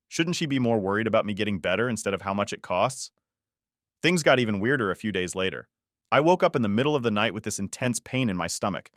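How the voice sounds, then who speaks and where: A man narrates a scripted first-person drama story in a casual, conversational tone. His voice sits low. The recording is dry and close, with no room sound. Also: fairly bright tone, no echo.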